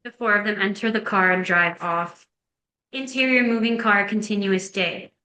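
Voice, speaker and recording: Woman reading script directions, bright and echoey. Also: medium pitch, normal speed. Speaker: narrator. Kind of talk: reading screenplay action lines. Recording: echoey room.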